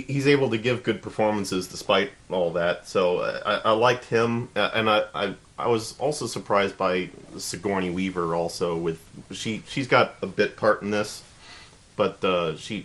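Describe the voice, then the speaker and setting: Halting, easygoing man reviewing movies. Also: lowish voice, fairly bright tone. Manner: halting, many restarts, easygoing. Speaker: co-host. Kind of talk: casual movie review chat.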